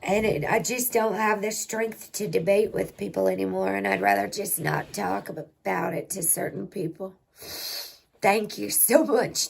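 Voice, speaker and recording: A woman hosting a spiritual healing livestream, talking slowly and reflectively with her viewers. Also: mid-range voice, creaky, husky. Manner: slow, reflective, talks to chat and to herself. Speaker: spiritual healing channel host.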